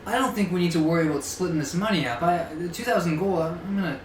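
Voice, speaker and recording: A man's voice: sits high, quick pace, roomy sound, a little hiss or hum, voice pushed up, close to an everyday voice. A man voicing an eager, greedy male ship crewman who talks boastfully. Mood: eager, brash.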